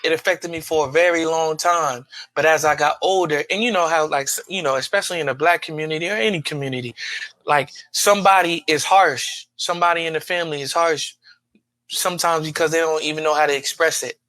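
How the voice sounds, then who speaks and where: A man's voice: a little high, fairly even intonation, brisk, pushed and bright, dry recording. A man who is a father, co-hosting a podcast in casual group chat, talking emphatically and repeating words for stress. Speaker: podcast co-host.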